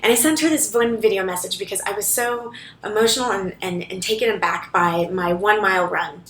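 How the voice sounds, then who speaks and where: A woman's voice: medium pitch, brisk, fairly bright tone. A woman chatting casually to camera in a rambling way, with lots of fillers and restarts, recorded in a co-working office library. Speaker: vlogger. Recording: echoey room.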